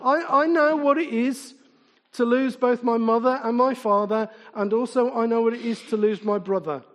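A middle-aged preacher with a very high voice keeps a steady tone and moderate pace as his words ring through a big, echoing hall. The sermon is casual and talky, full of repeated questions to the congregation and funny personal stories.

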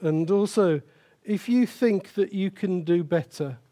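An older pastor delivers a sermon in an unhurried, deliberate way. His voice sits a little high but sounds mellow and warm. He drives points home by repeating phrases with emphasis.

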